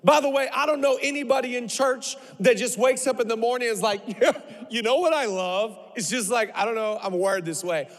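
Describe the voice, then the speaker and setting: A high-voiced man in his thirties preaches an animated, joking sermon to a church crowd. His voice rings out with a long echo through the large hall. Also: fairly quick, few pauses. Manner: animated, storytelling, humorous. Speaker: pastor.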